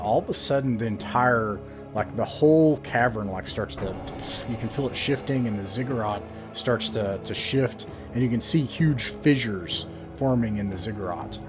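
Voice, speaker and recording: A man running a tabletop game, describing scenes with lots of ums and restarts. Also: on the low side. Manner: rambling, many fillers while describing scenes. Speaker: game master.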